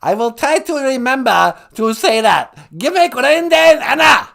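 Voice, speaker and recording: Brief: polite, gushing woman guest with a high lilting voice, as a man puts her on. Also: sing-song, unhurried, creaky, fairly bright tone, full character voice. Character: polite eager woman guest learning a language.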